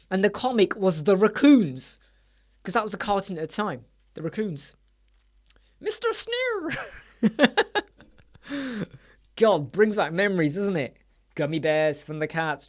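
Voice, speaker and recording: A man in his forties hosting a casual live chat, rambling and joking, often breaking off mid-thought. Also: high-pitched. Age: 40s. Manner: rambling, jokey, self-interrupting. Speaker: web design livestream host.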